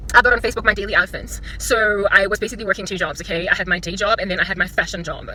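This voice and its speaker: A South African woman vlogging from inside a parked car into her phone camera, talking in an animated, dramatic and joking way. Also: mid-range voice, rapid-fire, a little hiss or hum, rough recording. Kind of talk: casual talking-head vlog.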